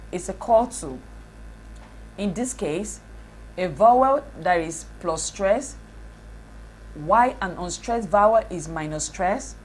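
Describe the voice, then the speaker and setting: A woman lecturer reading a course lesson aloud in a deliberate, formal way, leaning on key words. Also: mid-range voice, a little hiss or hum, low-quality recording. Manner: slow, deliberate, formal reading with emphatic stresses.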